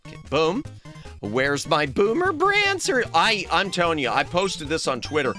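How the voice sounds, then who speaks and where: A man's voice: fairly high pitch, big pitch swings, moderate pace, bright, forceful tone, soft background music. A young man chatting with his audience while playing a game on stream, joking and yelping when he dies. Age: young adult. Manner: joking, chatty, reads chat aloud, yelps at deaths. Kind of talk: casual gaming stream chat.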